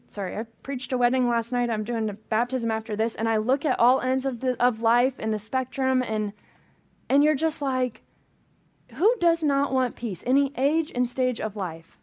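Female pastor, slightly high voice, chatty and emphatic sermon delivery. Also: darkish tone. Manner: conversational, emphatic, many restarts and asides.

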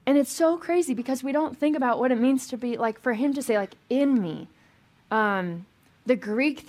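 Conversational woman preaching a sermon. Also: a little high. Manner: conversational, emphatic, many restarts and asides. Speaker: pastor.

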